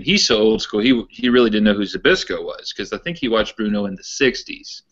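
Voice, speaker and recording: A man's voice: on the low side, expressive, normal speed, fairly bright tone. A man co-hosting a wrestling podcast in casual chat, a rambling storyteller who repeats his words. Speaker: podcast co-host. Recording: dull lo-fi podcast audio.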